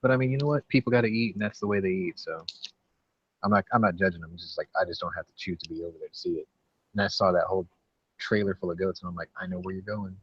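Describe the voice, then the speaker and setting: A man hosting a casual podcast chat, relaxed, laughing often and swearing freely. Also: low-pitched, fast talker, husky, highs cut off. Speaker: podcast host.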